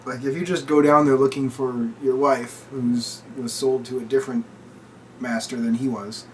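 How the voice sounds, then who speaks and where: A man's voice: mid-range voice, flat delivery, normal speed, distant mic, a little hiss or hum, low-quality recording. A young man casually summarizing a film's plot in a laid-back way. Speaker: podcast co-host. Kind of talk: casual movie review chat.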